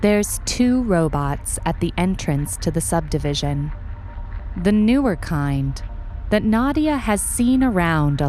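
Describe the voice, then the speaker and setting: Woman reading a story slow, even, lower voice, faint music behind. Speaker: story narrator. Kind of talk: audiobook reading.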